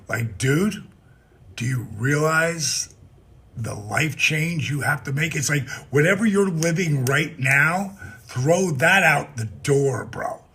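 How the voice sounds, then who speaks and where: Gravelly, husky, boisterous man. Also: mid-range voice. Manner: boisterous, shouts catchphrases, laughs often. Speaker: former pro wrestler and fitness company founder. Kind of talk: personalized greeting video message.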